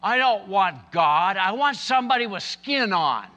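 A man's voice: sits high, lively intonation, measured pace, sharp tone, in a large hall, pitched above the performer's own voice, full character voice. A man voicing a frightened little girl who calls out for her father at night. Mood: pleading.

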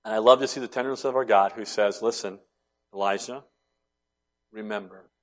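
A man preaching a sermon as pastor, building to loud impassioned cries and then dropping to soft, tender tones. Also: medium pitch, steady tone, rapid-fire.

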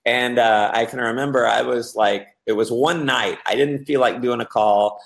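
A man with a gravelly, creaky voice talks loosely about sales recruiting. He tells stories and jumps into lively quoted voices along the way. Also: medium pitch, normal speed. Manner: storytelling, animated, acts out excited quotes with laughs. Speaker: network marketing speaker. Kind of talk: casual talk.

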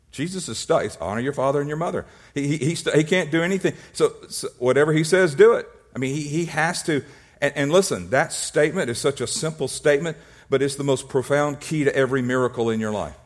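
Male pastor, sermon delivery, playful storyteller, stumbles over words and clears his throat. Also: mid-range voice. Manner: humorous storytelling, acts out little scenes; repeats words and restarts when excited.

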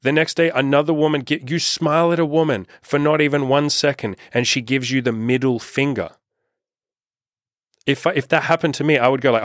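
A man's voice: mid-range voice, fairly even intonation, a little fast, dry recording, studio quality. A man giving blunt, profane dating advice in a casual monologue, acting out rude exchanges along the way. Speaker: dating coach.

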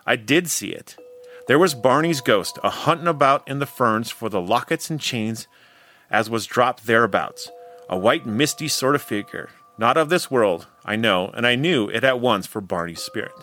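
Male reader doing a pushy old country ghost-believer for a storybook, bright tone. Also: mid-range voice, lively intonation, moderate pace, soft background music. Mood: insistent. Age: older. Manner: rustic, insistent. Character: stubborn old village man, ghost believer.

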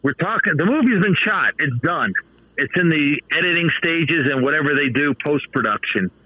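A man in his fifties telling baseball stories as a guest in a casual interview, animated and laughing often. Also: fairly high pitch, moderate pace, dry recording, dull audio. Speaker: author and baseball manager guest.

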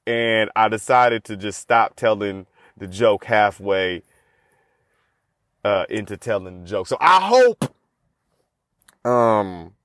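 A man's voice: mid-range voice, fairly bright tone, no room sound. A young man hosting a solo podcast, talking in a profane, rambling and self-mocking way into a close mic. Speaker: podcast host. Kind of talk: casual solo podcast monologue.

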